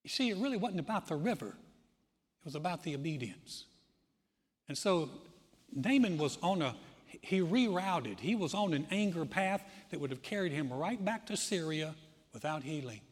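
A man preaching a sermon as pastor, telling stories with lively acted-out quotes. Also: fairly high pitch, moderate pace, slightly rough, big-room sound. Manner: animated storytelling, acting out quoted voices.

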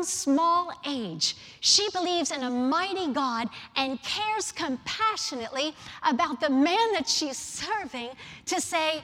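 A woman's voice: high-pitched, fairly bright tone. Woman preaching with emphatic storytelling. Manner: storytelling, emphatic, asks the listeners questions. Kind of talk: sermon. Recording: long reverb of a large hall.

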